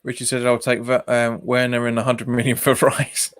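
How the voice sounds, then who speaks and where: This fan channel host reacts to a football match on a live watch-along stream, reading viewer comments aloud, replying to them and laughing a lot. His mid-range voice keeps a level tone and a slightly slow pace, recorded dry at studio quality.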